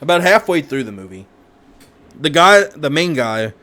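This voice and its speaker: A man co-hosting a casual chat, recapping a movie in a rambling, animated way with lots of restarts and slang. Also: a little high, moderate pace. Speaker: co-host.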